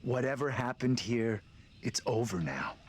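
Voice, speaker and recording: An actor playing a level-headed man who reassures the group calmly. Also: mid-range voice, measured pace, a little hiss or hum, natural voice. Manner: calm, reassuring.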